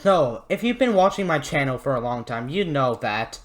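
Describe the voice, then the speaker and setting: A man's voice: medium pitch, very animated, moderate pace. A man hosting a casual history video, joking and swearing as he rambles. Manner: irreverent, jokey, swears, rambles with fillers. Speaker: history channel host.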